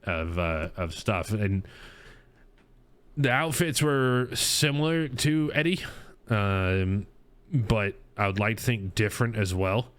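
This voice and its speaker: A man's voice: lowish voice, animated, slow, a bit bright. A middle-aged man hosting a casual podcast, telling rambling stories full of restarts and chuckles. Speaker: podcast host. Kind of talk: casual chat.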